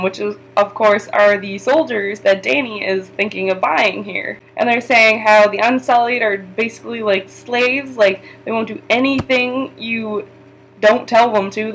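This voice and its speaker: A young woman recapping a TV episode in a casual vlog. She chats loosely, swears freely, says "like" a lot and breaks into excited exclamations. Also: fairly high pitch, a little hiss or hum, low-quality recording. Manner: chatty, swearing, frequent "like", sudden excited exclamations. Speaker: TV episode reviewer.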